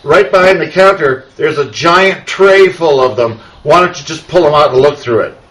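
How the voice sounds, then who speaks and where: A man's voice: a little high, moderate pace, a bit bright, close to an everyday voice, rough recording. A plain, matter-of-fact male store boss, put on by a man telling a story. He sounds practical and unbothered.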